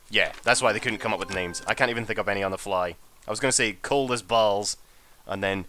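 A young man with a fairly low but very lively voice talks through a strategy game in a loose, joking way. His tone is bright and forceful, and he swears freely and jumps up into excited squeals. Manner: excitable, joking and profane, with sudden high-pitched outbursts. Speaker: gamer and channel host. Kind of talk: casual strategy-game commentary.

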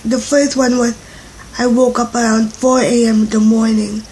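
A young woman with the flu vlogging from home, rambling and halting, her voice nasal and congested. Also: little pitch movement, dark tone, a little hiss or hum, rough recording. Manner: rambling, halting, low-energy. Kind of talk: casual rambling vlog.

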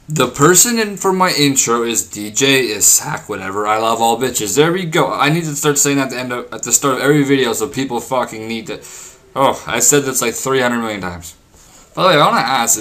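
A young man commentates casually over his gameplay. He rambles from topic to topic and swears constantly. His voice has a bright, forceful edge and sits at an ordinary pitch. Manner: rambling, crude and profane, swears often; says he is talking fast because he is hungry. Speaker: gaming vlogger.

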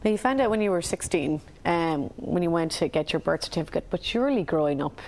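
Female co-host, lowish voice, chatty and summarizing. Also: lively intonation, quick pace, darkish tone, low-quality recording. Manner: conversational, summarizing the guest's story. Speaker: TV presenter. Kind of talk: TV interview.

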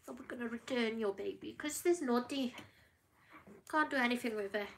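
A British woman filming a casual vlog at home, talking to her dogs in soothing baby talk that often drops to a hush. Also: a little high, normal speed, vocal fry, slight background noise. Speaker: dog breeder filming her dog's labour. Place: at home indoors.

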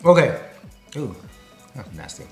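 A man's voice: medium pitch, big pitch swings, unhurried, creaky, soft background music. A man giving a comedic food promo, rambling and jokey, drifting off on tangents. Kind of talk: comedic promo talk to camera.

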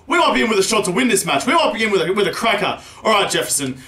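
A young man giving live gameplay commentary, excitable, swearing often and shouting at big moments. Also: sits high, very fast. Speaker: gaming channel host. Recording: roomy echo.

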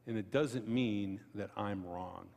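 Slow and carrying some vocal fry, a male preacher spins stories during a conversational sermon, chatting aside to his congregation. He dramatizes quoted voices by jumping sharply in pitch. The sound has the long reverb of a church hall, recorded in the sanctuary.

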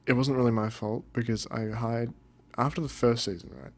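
A young man rambling through casual let's-play commentary, deadpan and cursing now and then. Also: mid-range voice, moderate pace. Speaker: gamer.

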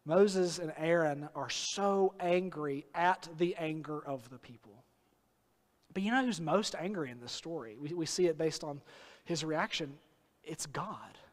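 A man preaching a sermon as pastor, earnest, slowing down on key phrases for emphasis. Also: on the high side. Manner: earnest preaching with sudden slow emphatic phrases and acted quotes. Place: church sanctuary. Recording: long hall reverb.

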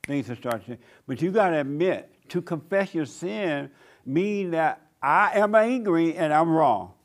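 An older man preaching a sermon in a blunt, scolding tone. His speaking voice sits fairly high for a man. He mimics whining voices in a mocking way, then drops back into plain commands. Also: expressive, unhurried. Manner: blunt, preachy, acts out whiny voices of others. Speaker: pastor.

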